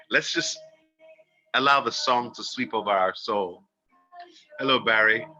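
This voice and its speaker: A man with a very bright, forceful voice gives a livestreamed oracle card reading in a soft, earnest and spiritual way. The sound is dull and lo-fi, like audio from a phone. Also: mid-range voice.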